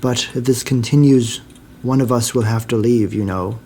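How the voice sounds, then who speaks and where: Eerie whispering lodger, male, gravelly and dark, put on by a male reader; storybook ghost tale. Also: medium pitch, steady tone, normal speed, natural voice. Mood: ominous. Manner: hushed, ominous whisper.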